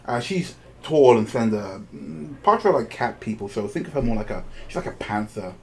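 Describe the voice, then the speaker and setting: A male game master narrating a tabletop game in a relaxed, chatty way. He scatters fillers through his sentences and laughs often, his voice sitting at a middling pitch. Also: normal speed, gravelly.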